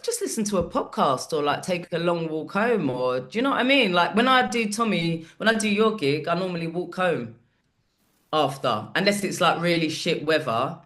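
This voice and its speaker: Sweary, animated woman. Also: fairly low pitch. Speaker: comedian guest. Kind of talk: casual podcast chat.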